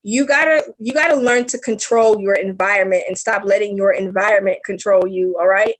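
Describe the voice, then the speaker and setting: A woman's voice: mid-range voice, fairly quick, poor audio. A woman giving psychic readings on a casual live stream, blunt and swearing, laughing at her own slips. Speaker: psychic reader.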